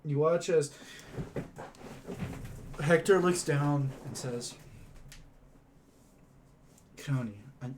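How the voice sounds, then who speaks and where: A man narrating a tabletop game as game master, in a halting way. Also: fairly high pitch, darkish tone, a little hiss or hum.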